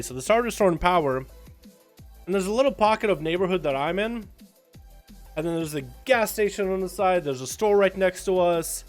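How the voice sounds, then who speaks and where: A man chatting casually on a game livestream, loose and profane, telling stories with animated swings in energy. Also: high-pitched. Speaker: game streamer. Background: faint background music.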